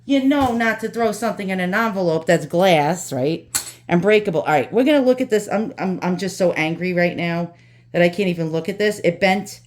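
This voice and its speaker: A woman's voice: lowish voice, a little fast, a little hiss or hum. A woman with a New York accent hosting an antique unboxing vlog at home, ranting and cursing, then turning cheerful. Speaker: antique channel host. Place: home with dogs.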